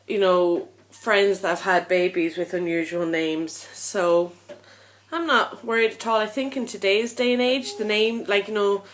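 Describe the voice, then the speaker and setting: A young woman chatting casually to camera in a vlog, tired and a little out of breath, rambling and frank with lots of ums. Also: lowish voice. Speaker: vlogger.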